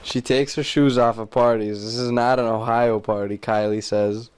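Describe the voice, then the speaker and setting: A man's voice: mid-range voice, steady tone, moderate pace, a little mellow, a little hiss or hum. A young man co-hosting a podcast, chatting casually, rambling and sarcastic with lots of fillers. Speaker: podcast co-host. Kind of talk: casual chat.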